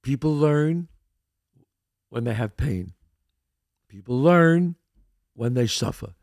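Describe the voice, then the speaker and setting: A man's voice: mid-range voice, lively intonation, takes it slowly, creaky, darkish tone, no room sound, clean studio sound. A man hosting a show, talking emphatically in a motivational monologue and acting out the voices he quotes. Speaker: podcast host.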